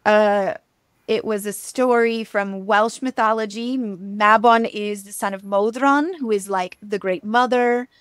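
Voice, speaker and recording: A woman co-hosting a podcast, casually retelling a myth in a chatty, animated way, with frequent ums and likes. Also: medium pitch, measured pace, smooth, no room sound, clean studio sound. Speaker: podcast co-host. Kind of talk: casual storytelling chat.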